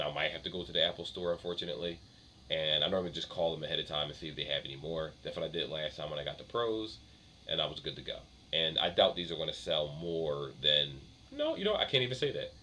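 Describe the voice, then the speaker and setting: Low, bright-toned man, casual tech vlogger, chatty and self-correcting, faint room noise. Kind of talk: casual rambling vlog.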